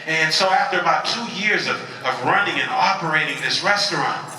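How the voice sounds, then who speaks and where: A man's voice: a little high, fairly quick, bright, forceful tone. A man giving an emphatic motivational speech at a convention, leading the audience in call-and-response. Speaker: motivational speaker. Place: convention hall. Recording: echoey hall from far off.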